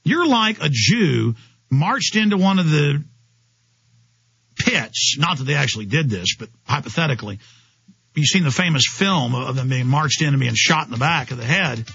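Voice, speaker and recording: A man's voice: fairly high pitch, lively intonation, moderate pace, vocal fry, fairly bright tone, husky, no room sound, dull audio. A man hosting a talk radio show, delivering an impassioned, ranting monologue straight to his listeners.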